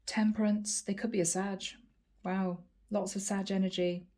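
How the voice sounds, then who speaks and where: A woman reading tarot cards aloud for an unseen viewer, naming each card as she turns it. Her voice is mellow and dark-toned at a middling pitch. She talks earnestly and calls her audience "guys.". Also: flat delivery, moderate pace.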